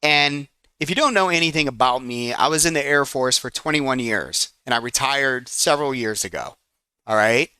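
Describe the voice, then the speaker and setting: Excitable man with a bright, crisp voice. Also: mid-range voice, normal speed, dry recording, studio quality. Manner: excitable and chatty, breaks off to manage trades. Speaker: trading educator. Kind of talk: live trading room teaching.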